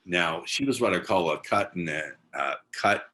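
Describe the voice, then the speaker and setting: Deep, bright-toned blunt man in his 60s. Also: expressive. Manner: blunt and profane, slows into a hypnotic cadence for examples. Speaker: dating coach. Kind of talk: casual instructional talk. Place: side room at home.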